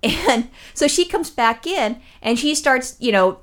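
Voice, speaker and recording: Animated storytelling woman who swears. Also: high voice, unhurried. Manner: animated, swears freely, acts out quotes. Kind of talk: casual storytelling chat.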